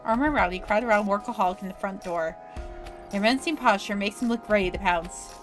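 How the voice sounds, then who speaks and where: A woman streamer reading a game's narration aloud in a lively manner. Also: mid-range voice, fairly quick, soft background music. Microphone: studio microphone.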